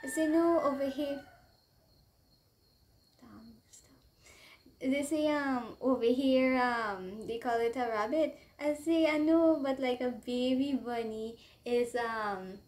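A young Trinidadian woman chats straight to her camera in a loose storytime, her voice pitched high and bright. She rambles and gets excited, and her accent thickens into local dialect as she goes. A faint hiss of noise sits under her voice. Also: slow. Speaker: vlogger. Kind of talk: casual storytime chat to camera.

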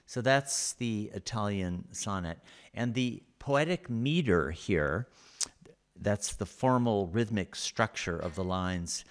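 Slow, low-voiced male lecturer. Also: lively intonation. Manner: unhurried, explanatory, with frequent pauses. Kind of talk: recorded lecture over slides.

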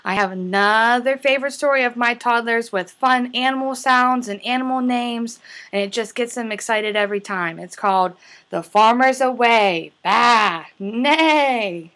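A woman teacher reading a picture book to toddlers, animated and playful, with animal sounds. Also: fairly high pitch, moderate pace. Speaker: preschool teacher.

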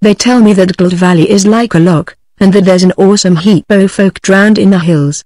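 Stern old Scots shepherd, read by a British-accented synthetic woman, flat machine delivery, dry close sound. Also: mid-range voice, normal speed, dry recording, lightly acted. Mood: warning. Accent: British English. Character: stern old male Scottish shepherd warning a rider.

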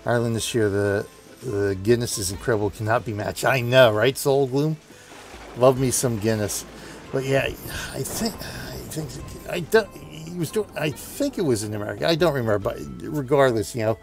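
A man's voice: mid-range voice, normal speed, creaky, soft background music. A man in his forties telling a long, laughing anecdote while playing a game, chatty and full of restarts. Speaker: gaming video host. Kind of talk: rambling anecdote over gameplay.

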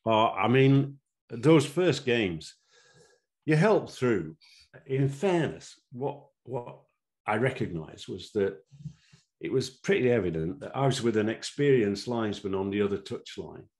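A man's voice: medium pitch, animated, unhurried, darkish tone. A man, telling his own stories as an interview guest, rambling with fillers and chuckling often. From Sheffield, England. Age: 70s. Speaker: interview guest, former referee. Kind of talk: anecdotal interview storytelling.

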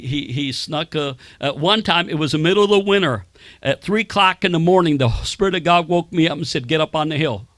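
A man's voice: a little high, a bit bright, dry recording. A man preaching a sermon, telling personal stories and quoting people in raised voices. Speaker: pastor.

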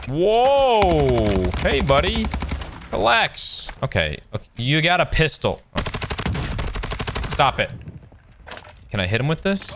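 A man giving excitable, joking gameplay commentary with sarcastic trash talk while playing a shooter game. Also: on the low side, noisy background. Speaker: gaming video creator. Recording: loud game gunfire behind voice.

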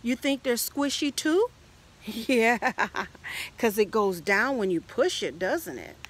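A woman, an early childhood educator, reading a picture book aloud to toddlers in a slow, sing-song way and asking the child questions. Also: fairly high pitch, expressive.

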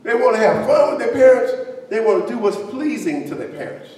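A pastor preaching a sermon in a conversational way, with joking asides to the congregation. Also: male voice, very high voice, big pitch swings, a little fast, a little mellow. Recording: echoey hall, distant mic, faint hiss.

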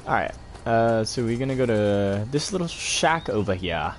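A man's voice: fairly low pitch, lively intonation, normal speed, slight background noise. A young man giving laid-back, chatty gameplay commentary and talking to his viewers. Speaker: gaming host.

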